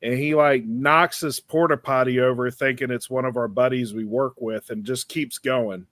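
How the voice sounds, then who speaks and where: A man's voice: medium pitch, moderate pace, dry recording. Man telling a rambling crude story. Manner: rambling, animated anecdote with crude language. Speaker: podcast co-host. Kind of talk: casual storytelling chat.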